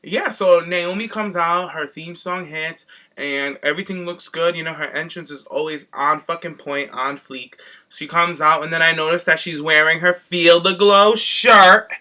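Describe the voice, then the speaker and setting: A man co-hosting a podcast, telling stories in a sassy, animated way with lots of slang. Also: fairly high pitch, normal speed. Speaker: podcast co-host. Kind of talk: casual chat.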